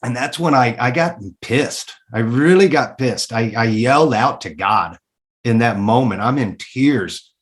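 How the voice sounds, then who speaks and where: A man's voice: mid-range voice, measured pace. A man, a guest in a casual interview, telling his story candidly and emphatically, swearing freely and repeating words when he gets worked up.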